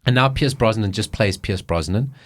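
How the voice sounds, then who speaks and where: A man co-hosting a casual podcast, retelling movie plots in an animated way and swearing freely. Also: on the low side, normal speed. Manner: animated storytelling, swears, acts out quotes. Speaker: podcast co-host. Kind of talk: casual chat.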